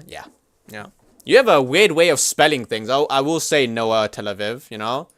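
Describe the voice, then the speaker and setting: A man streaming live at his computer, chatting casually in an excitable, slangy, swear-heavy way. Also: medium pitch, moderate pace, smooth, dry recording, clean studio sound.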